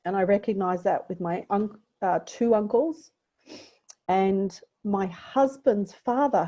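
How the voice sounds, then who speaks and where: A woman's voice: mid-range voice, dark tone. Candid middle-aged Australian woman, muffled sound. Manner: candid, reflective, emotional at times. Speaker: podcast guest. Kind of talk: personal storytelling in conversation. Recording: dull lo-fi audio.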